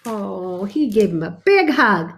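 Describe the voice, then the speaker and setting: A woman reading a picture book aloud to a child, stopping often to point things out and ask him questions in an animated, exclaiming way. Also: medium pitch, breathy edge. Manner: animated, talks to a child between pages; slow and warm, exclaiming often. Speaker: reader to a child.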